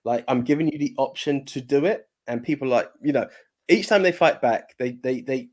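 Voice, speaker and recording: A podcast co-host retells a film in casual chat, stammering through repeats and swearing casually. His voice sits at a medium pitch and is a little mellow.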